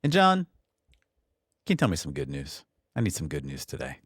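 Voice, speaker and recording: A man's voice: extremely low pitch, wildly swooping pitch, normal speed, a bit bright, breathy edge, dry recording, studio quality. A man co-hosting a podcast in a laid-back, friendly casual chat. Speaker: podcast co-host.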